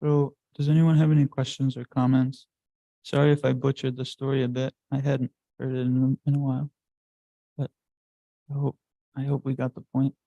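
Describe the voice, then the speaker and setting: A man's voice: medium pitch, little pitch movement, normal speed, vocal fry, mellow, no echo, highs cut off. A man leading a devotional class, telling a scripture story in a meandering, self-correcting way. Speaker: class speaker.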